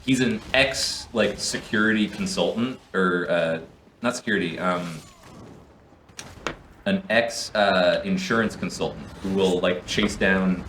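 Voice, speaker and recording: Low-voiced young man, rambling chat. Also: unhurried. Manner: rambling, many restarts, animated retellings. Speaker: co-host and player. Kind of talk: casual chat while gaming. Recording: echoey room, faint noise.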